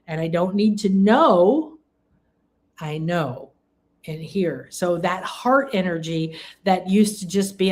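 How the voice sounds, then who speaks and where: A woman from England hosting a live spiritual talk, gushing and rambling, with bursts of excited exclamation. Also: lowish voice, slow. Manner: rambling, with frequent restarts and fillers. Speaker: spiritual teacher and live-stream host.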